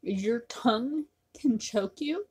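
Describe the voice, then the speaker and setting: Woman vlogger, rambling casual talk to camera, husky, slow. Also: a little high, lively intonation, darkish tone. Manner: rambling, repetitive, with many fillers.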